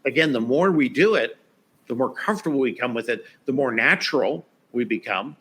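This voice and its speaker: A man's voice: medium pitch, animated, fairly quick, fairly bright tone, husky. A man guest on a podcast interview, talking casually with lots of "you know" and "right?". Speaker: guest expert.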